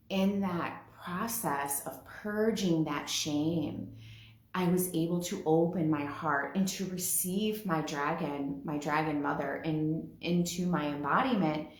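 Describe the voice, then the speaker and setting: A woman giving a reflective spiritual talk, speaking softly and from the heart, with a tender, emotional edge. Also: low-pitched, echoey room. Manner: slow, soft and heartfelt, growing emotional.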